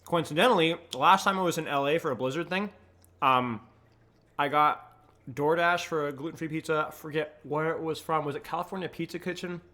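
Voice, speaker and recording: A young adult man streaming from home at a desk mic, breaking down match plays in quick analytical commentary, then chatting with viewers in a relaxed way. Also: a little high. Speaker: streamer and coach. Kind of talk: casual match analysis and chat. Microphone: desk microphone.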